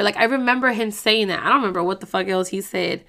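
A woman's voice: mid-range voice, quick pace, hardly any pauses, sharp tone. Young norcal woman vlogging, slangy and cussing a lot, acts out what everyone said. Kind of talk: casual storytelling to camera.

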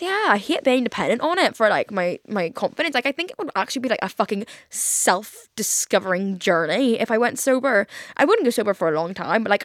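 A woman's voice: mid-range voice, dry recording, studio quality. A young woman hosting a podcast, chatting casually and confessionally, rambling with lots of fillers and casual swearing. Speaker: podcast host.

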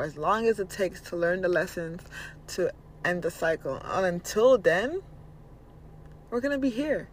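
A man's voice: sits high, slight background noise. A man hosting a podcast, giving a blunt, casual spiritual motivational monologue and swearing freely. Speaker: podcast host.

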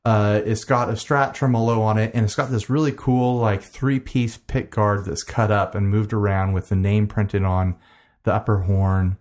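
A man's voice: fairly low pitch, steady tone, moderate pace, darkish tone. A man co-hosting a casual podcast, chatting in a rambling, enthusiastic way and laughing easily. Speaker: podcast co-host. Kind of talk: casual chat.

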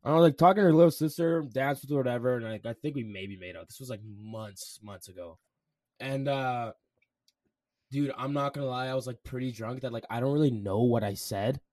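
A man's voice: medium pitch, a little fast, a little mellow, no echo, studio quality. A young man co-hosting a podcast, telling stories loosely in casual chat, full of "bro" and "like". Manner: loose storytelling, heavy on "bro" and "like". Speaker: podcast co-host.

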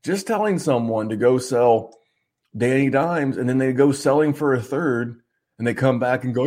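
A man on a podcast works himself into a swearing rant. He stumbles over repeated restarts as he talks, and his voice sits in a middle pitch that leaps up when he gets angry. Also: moderate pace, a little mellow. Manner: fired-up, swearing, stammering restarts; repeats "I, I, I" at starts of lines. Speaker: podcast co-host.

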